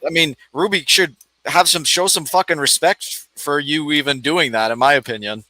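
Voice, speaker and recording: A man's voice: fairly high pitch, moderate pace, sharp tone, dry recording, rough recording. A young man hosting a live stream, talking in a rambling, hesitant way. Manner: rambling, hesitant, filler-heavy. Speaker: stream host. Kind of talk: casual stream chat.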